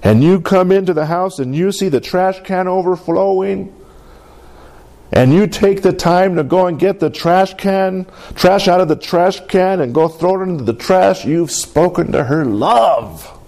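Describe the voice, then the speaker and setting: Preaching in an unhurried way, this middle-aged pastor has a voice that sits high. His sermon runs on lively call-and-response, and now and then he drops into playful voices.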